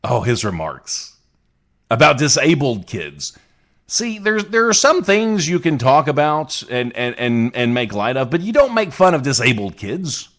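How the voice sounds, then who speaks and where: A man from the States hosts his own show and riffs on strange news with a sarcastic, rambling delivery. His pitch swings widely as he jokes through each story. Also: big pitch swings, unhurried, fairly bright tone. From United States. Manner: sarcastic, rambling asides with restarts. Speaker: podcast host. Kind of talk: casual comedic news commentary.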